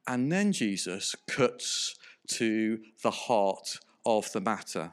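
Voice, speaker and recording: A man's voice: lowish voice, very animated, slow, clean tone. A man preaching a sermon in a conversational way, often putting questions to his listeners.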